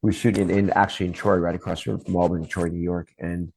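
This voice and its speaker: A man's voice: deep voice, level tone, quick pace, gravelly, a little mellow, husky. A middle-aged man, a guest on an interview show, telling long stories about his work in TV promos in a casual chat style. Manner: long anecdotes, acts out quoted voices.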